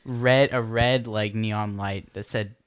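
A man's voice: on the low side, fairly even intonation, slow, over a noisy crowd. A young man co-hosting a podcast, telling a rambling story in casual chat. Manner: rambling storyteller, many fillers. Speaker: podcast co-host.

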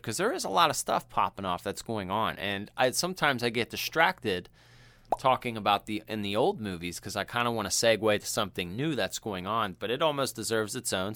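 A man co-hosting a casual podcast, talking with a bright, forceful voice. He is animated, laughs often and acts out the people in his stories. The mic picks up a close, dry sound. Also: lowish voice, dry recording. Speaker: podcast co-host. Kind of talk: casual chat.

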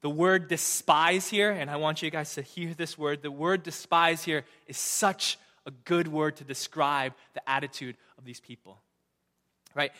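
A young male pastor preaches in a bright, slightly high voice. He is emphatic and keeps checking in with "right?", swinging from loud to hushed. His words ring out with a long hall reverb. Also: steady tone, measured pace. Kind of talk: sermon.

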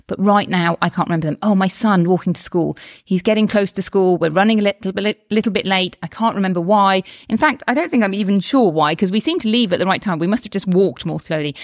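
A woman's voice: mid-range voice, no room sound, clean studio sound. A woman, talking casually and animatedly as a health coach on her solo podcast. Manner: chatty and animated, with frequent exclamations and quick asides. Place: lives in Spain.

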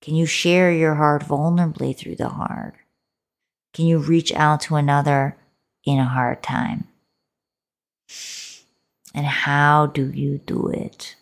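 A woman with a low, full voice speaks straight to the listener in a solo motivational talk about relationships. She is playful and coaxing, calls the listener baby, and now and then sinks into a soft whisper. The delivery feels like an intimate pep talk from a podcast host. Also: little pitch movement, takes it slowly, gravelly, pauses often.

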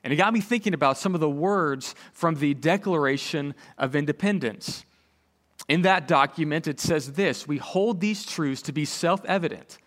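A man's voice: high voice, fairly bright tone. Earnest man preaching. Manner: earnest, conversational preaching with frequent fillers. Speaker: pastor. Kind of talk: sermon.

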